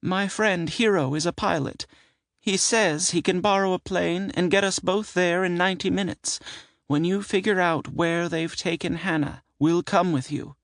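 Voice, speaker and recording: Guy doing a soft worried older auntie, high and hushed, kinda shaky, audiobook voice. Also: steady tone, moderate pace, dry recording, studio quality. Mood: anxious. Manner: hushed, haunted, sleepy.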